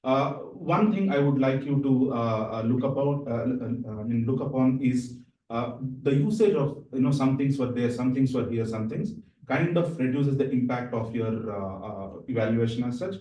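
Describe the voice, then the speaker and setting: A man acting as general evaluator at a club meeting, measured with some fillers. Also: mid-range voice, warm tone. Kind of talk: meeting moderation. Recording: echoey room, distant mic.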